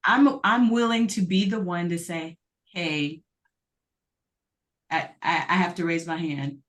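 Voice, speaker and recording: A woman's voice: fairly low pitch, fairly even intonation, measured pace. A woman from the United States speaking earnestly as a panel guest, often restarting her sentences and sharing personal stories. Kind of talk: panel discussion.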